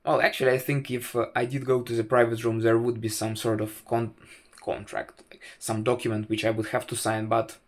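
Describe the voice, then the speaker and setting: A man's voice: mid-range voice, little pitch movement. A man tells a wry, self-mocking story to camera, stopping often on "uh" and restarting his sentences. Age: 20s. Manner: halting, full of "uh" fillers and restarts. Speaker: vlogger.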